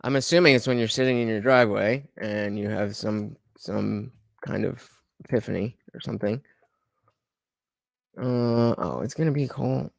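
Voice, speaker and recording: Halting, dry-voiced streamer man. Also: lowish voice, vocal fry, dry recording. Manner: halting, many fillers, sarcastic asides. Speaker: streamer reacting to a video. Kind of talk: casual live-stream commentary.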